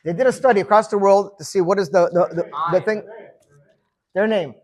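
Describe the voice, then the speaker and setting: Fifties guy with a high voice telling stories to a group, stumbles and repeats words a lot. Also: brisk, a little mellow. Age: 50s. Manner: chatty, storytelling, repeats words when starting. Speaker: farbrengen leader. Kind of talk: informal gathering talk. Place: room with a gathered group.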